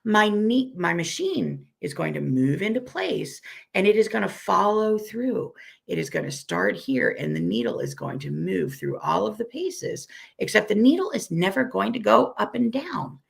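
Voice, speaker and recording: Gravelly, hoarse woman teaching live. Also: mid-range voice. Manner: friendly, self-deprecating, repeats steps slowly. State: weak, hoarse voice from recovering illness. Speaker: software instructor. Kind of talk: live online tutorial.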